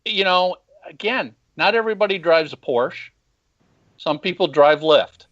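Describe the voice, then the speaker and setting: Man caller, bright and forceful, blunt opinions, muffled phone-in sound. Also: high voice, animated, unhurried. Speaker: podcast host and former band marketer. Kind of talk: casual call-in interview. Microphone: phone call.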